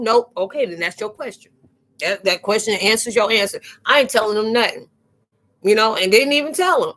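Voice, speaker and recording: A woman hosting a casual live-stream spiritual chat, talking in a slangy, animated way and laughing often. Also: a little high, a little fast. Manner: chatty and animated, laughing and acting out quoted exchanges; slangy, informal phrasing.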